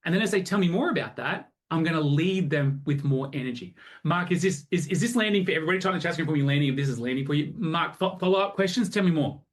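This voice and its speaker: A man coaching a group over a video call, energetic and acting out both sides of conversations. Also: on the high side, fast, few pauses. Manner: energetic, animated, acts out both sides of chats. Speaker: sales coach.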